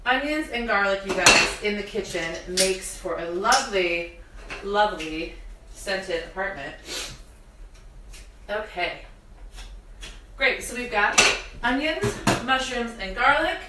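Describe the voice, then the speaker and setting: Slow and expressive, pausing often, a young woman's medium-pitched voice echoes from far from the mic over heavy background noise, with pots and dishes clattering. Hosting a live cooking demonstration in her home kitchen, she jokes at her own expense with viewers, her eyes watering from onions.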